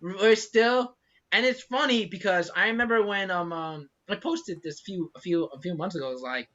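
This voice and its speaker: A man co-hosting a casual podcast, animated and laughing often, swearing and filling gaps with "um" and "like". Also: high voice, moderate pace. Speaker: podcast co-host. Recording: muffled lo-fi recording.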